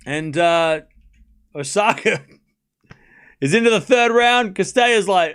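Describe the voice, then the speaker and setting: Excitable high-voiced man commentating live. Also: slow pace, long pauses. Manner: excitable, laughs often, thinks aloud with restarts. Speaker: streamer hosting a live tennis watchalong. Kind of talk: live commentary and casual chat.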